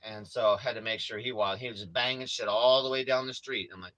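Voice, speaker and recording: A man telling viewers a street story in casual, profane talk, acting out his own lines louder as he retells them. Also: medium pitch, steady tone, fairly quick, dry recording, dull audio. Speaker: vlogger. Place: RV neighborhood in Los Angeles.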